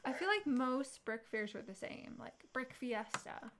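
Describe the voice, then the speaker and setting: A woman co-hosting a livestream, chatting casually, teasing and blunt, quick to laugh. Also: high voice, animated, fairly bright tone. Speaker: livestream co-host. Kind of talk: casual chat. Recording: noisy background.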